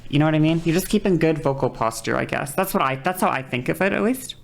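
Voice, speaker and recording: A woman streaming live, explaining voice technique to her chat in a loose, casual way. Her voice sits low for a woman. She rambles, restarts her sentences and keeps apologizing. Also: animated, quick pace, vocal fry.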